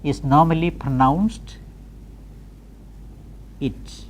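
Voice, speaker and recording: Slow, deliberate woman teaching pronunciation. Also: deep voice, slight background noise. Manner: spells words letter by letter, then repeats them deliberately. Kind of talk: slow recorded classroom lesson.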